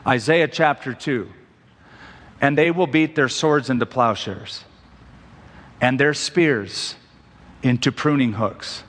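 A man preaching a sermon as pastor, slowing down and stretching out the scripture he quotes for emphasis. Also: medium pitch. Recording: long hall reverb.

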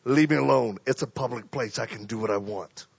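A man voicing a defiant, rude man caught in a library, speaking low and dismissively. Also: a little fast, vocal fry, breathy edge, no room sound, highs cut off.

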